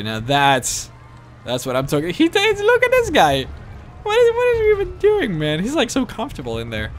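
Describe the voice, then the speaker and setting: A man commenting on a video game as he plays, excitable and swearing freely. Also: a little high. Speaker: let's play host. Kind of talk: gameplay commentary.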